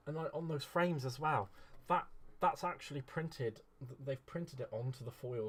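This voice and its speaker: A man's voice: medium pitch, a little hiss or hum. Guy doing a craft unboxing vlog, super gushy and chatty. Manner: gushing, effusive. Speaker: craft vlogger. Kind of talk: casual craft unboxing chat.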